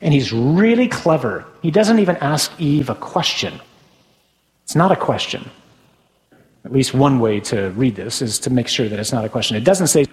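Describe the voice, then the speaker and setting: Conversational priest preaching in a church. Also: male voice, medium pitch, lively intonation, normal speed, in a large hall, rough recording. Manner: conversational, with tag questions. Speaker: Catholic priest. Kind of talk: sermon.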